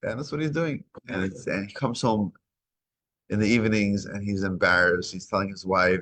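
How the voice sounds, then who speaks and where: A man's voice: fairly low pitch, fairly even intonation, normal speed, a bit bright. A man teaching a weekly Torah class, retelling a story and acting out its dialogue. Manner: acts out dialogue in retold stories.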